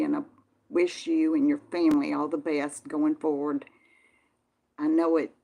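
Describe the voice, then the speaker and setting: Folksy Southern woman host, lowish voice, chatting live with viewers. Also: vocal fry. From Texas. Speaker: channel host reading live chat. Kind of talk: casual live-stream chat.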